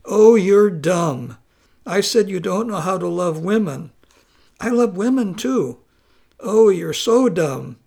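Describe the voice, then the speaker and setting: A man voicing an angry wife in a spoken story, shouting and scolding her husband. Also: high voice, expressive, measured pace, creaky, hardly any pauses, full character voice.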